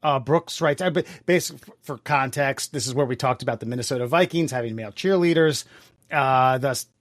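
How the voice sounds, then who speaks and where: A man's voice: medium pitch, dry recording, studio quality. A man co-hosting a casual podcast, reading out listener comments with frequent laughs, filler words and swearing. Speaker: podcast co-host.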